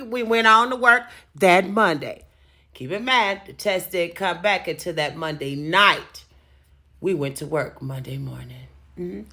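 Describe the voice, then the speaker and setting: A woman vlogger telling a personal story casually, animated and profane, acting out the dialogue. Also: lowish voice, unhurried.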